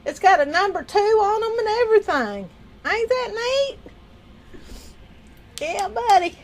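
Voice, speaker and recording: A woman hosts a relaxed livestream from home. Her voice sits high, and she talks in an unhurried, rambling, folksy way. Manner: rambling, folksy, laughs often. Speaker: livestream host. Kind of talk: casual livestream chat.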